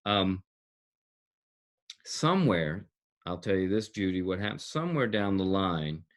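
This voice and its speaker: A low-voiced man with big pitch swings and a measured pace talks about his teaching in an interview. He's an acting coach and director who speaks with emphasis, repeats key words, and laughs between points.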